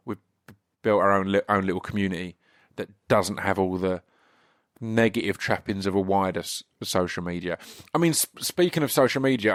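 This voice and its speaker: Croaky English male podcast host, low voice, dry close sound, rambling casual intro. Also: fairly bright tone, dry recording. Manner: rambling, chatty, many restarts and fillers. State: slightly croaky voice.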